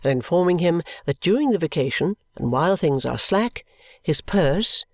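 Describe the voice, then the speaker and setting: An audiobook narrator reading a classic novel in a measured, even way. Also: medium pitch, dry recording, clean studio sound.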